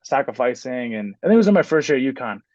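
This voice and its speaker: Very animated and fast, a twenty-something man speaks in a mid-range, slightly mellow voice. He coaches basketball and is chatting loosely as a podcast guest, full of fillers and restarts. The recording sounds dry and muffled.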